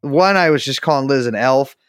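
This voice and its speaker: A man's voice: medium pitch, a little fast, a bit bright, smooth, dry recording, clean studio sound. A man co-hosting a podcast, chatting casually in a rambling, self-interrupting way and swearing now and then. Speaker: podcast co-host. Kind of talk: casual joking chat.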